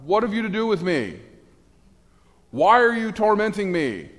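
A preacher doing a whining demon. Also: male voice, high-pitched, very animated, a little slow, a bit bright, voice pushed up, heavily acted. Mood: whiny, panicked. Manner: pleading then boastful, exaggerated. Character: whining, cowering demon, male, full of bluster. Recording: echoey hall.

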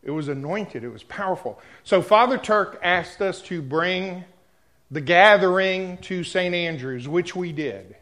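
Slow preacher telling a story. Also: male voice, high voice, animated. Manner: storytelling, swings from hushed to loud; addresses the congregation directly. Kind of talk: sermon.

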